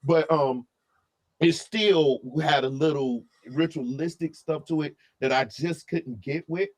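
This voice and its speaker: A man co-hosting a casual album review, talking in an opinionated, animated way full of asides and restarts. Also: a little high, a little slow.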